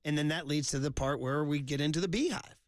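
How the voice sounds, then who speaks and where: A man's voice: a little high, fast, dry recording. A middle-aged man hosting a sports radio show, chatting casually and telling teasing stories. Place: radio studio.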